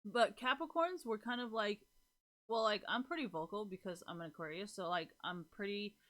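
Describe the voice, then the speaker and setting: A woman with a mid-range, fairly bright voice talks at normal speed while livestreaming. She chats casually with her viewers, rambling through her thoughts with lots of fillers, laughing often and swearing casually.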